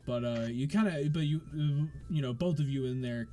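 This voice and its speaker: A man's voice: medium pitch, moderate pace, warm tone. Rambling male game master. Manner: rambling with many fillers. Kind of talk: narrating a tabletop game.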